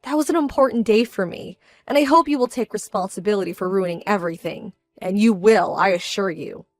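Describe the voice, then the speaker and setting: A woman voicing a young bride-to-be who sounds indignant, measured and cold. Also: mid-range voice, dry recording, faint music behind, close to an everyday voice. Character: young bride-to-be, hurt and proud, quietly fierce. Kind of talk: scripted story drama.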